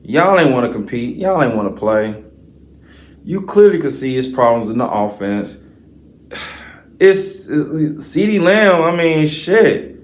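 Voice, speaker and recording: A man's voice: a little high, unhurried. A man hosting a sports podcast, reading stats and then ranting with profane, slangy trash talk. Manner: reads stat lines in a flat list. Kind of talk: sports commentary rant.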